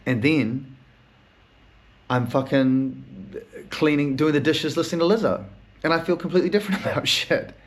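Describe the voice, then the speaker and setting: Melancholy swearing podcast host, rambling. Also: male voice, fairly high pitch, normal speed. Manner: rambling, heavy swearing, laughs through sad talk. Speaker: therapist. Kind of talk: candid solo monologue.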